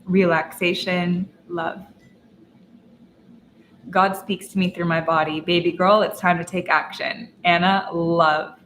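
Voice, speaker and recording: A woman's voice: on the low side, level tone, takes it slowly, a bit bright, a little hiss or hum, low-quality recording. A young woman hosting a casual livestream Q&A, upbeat and encouraging, talking straight to her viewers. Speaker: lifestyle coach and host.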